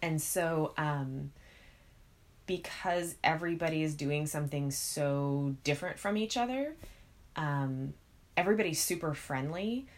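A podcast co-host chats casually in a voice that is notably low for a woman, with lively intonation. She speaks in a measured way, thinking aloud and pausing often.

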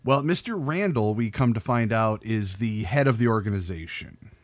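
A man's voice: lowish voice, expressive, moderate pace. A man co-hosting a movie podcast in a dry, laid-back way. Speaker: podcast co-host. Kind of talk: casual chat about a movie.

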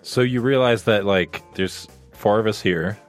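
Deep-voiced deadpan podcast man. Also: measured pace, soft background music. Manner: deadpan, sardonic jokes. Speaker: podcast co-host. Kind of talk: casual group podcast chat.

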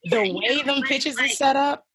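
A young woman telling a story in casual chat, animated and laughing, acting out what people said. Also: sits high, normal speed. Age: young adult. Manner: animated, laughing, acts out quotes. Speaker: guest.

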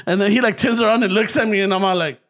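A man's voice: high voice, racing, a bit bright. A young man telling a long story in casual chat, swearing a lot, switching between English and Spanish, and acting out the people in it. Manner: profane, switches between English and Spanish mid-sentence, acts out voices.

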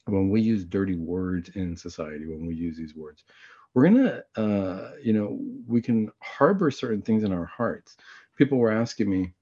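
A man hosting a Catholic talk show, chatting in a casual, conversational way and often clearing his throat. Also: lowish voice, expressive, normal speed, warm tone. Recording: dull lo-fi recording.

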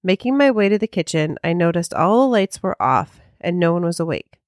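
A woman's voice: fairly low pitch, big pitch swings, fairly quick, dry recording, studio quality. A woman co-hosting a podcast in casual chat, chatty and full of fillers. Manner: chatty, filler-heavy, hesitant. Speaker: podcast co-host.

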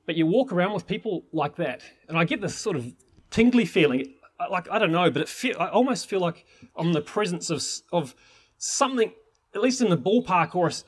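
A man's voice: a little high, breathy edge. A man teaching permaculture in an enthusiastic, rambling way, with many restarts. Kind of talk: informal teaching talk.

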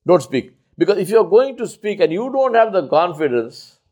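A man giving a religious talk on outreach. He is emphatic and repeats his points, swinging between loud high stresses and low quiet asides, and slows down to press key phrases. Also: big pitch swings. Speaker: Islamic lecturer.

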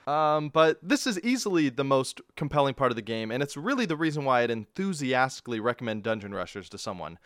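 A man's voice: mid-range voice, fairly bright tone, no echo, studio quality. A man hosting a casual game review podcast, rambling, self-mocking and laughing often. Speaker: podcast host.

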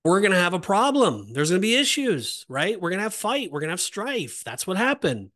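Emphatic preaching man, fairly high voice. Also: very animated, normal speed, fairly bright tone. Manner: emphatic, repetitive, rising on exhortations. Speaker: podcast host. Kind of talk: preaching Bible teaching.

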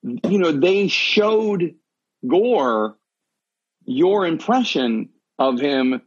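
Male host, anchor type, husky voice, quick and self-interrupting, dull lo-fi recording. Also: a little high, animated. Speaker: news anchor hosting the talk. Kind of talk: casual interview chat.

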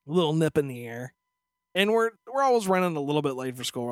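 A man co-hosting a podcast, telling stories in casual chat, animated and profane, slipping into voiced asides. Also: fairly high pitch, a little fast, dry recording, studio quality. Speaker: podcast co-host.

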